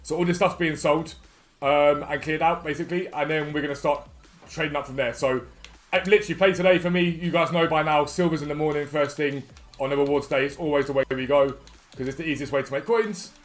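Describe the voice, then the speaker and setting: A man's voice: a little high, steady tone, fairly quick, soft background music. A man chatting live on a game stream, upbeat and greeting viewers one by one. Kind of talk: live stream chat over gameplay.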